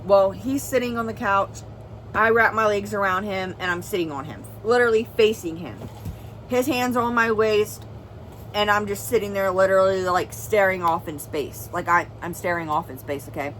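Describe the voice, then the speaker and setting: A woman's voice: mid-range voice, normal speed, a bit bright, a little hiss or hum, rough recording. A young woman vlogger telling a serious personal story in an earnest, rambling way, full of "like" and "well". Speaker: family vlogger.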